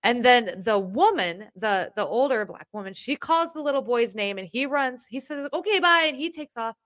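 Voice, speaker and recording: Chatty woman, a touch high, dry sound. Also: normal speed, dry recording. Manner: rambling, animated storytelling. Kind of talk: casual chat.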